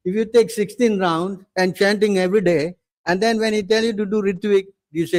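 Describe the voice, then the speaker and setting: Speaking at a moderate pace in a high register, a male preacher delivers a scripture class on a dry recording. English is his first language, and his manner is insistent: he drives points home, keeps asking questions, and demands attention again and again.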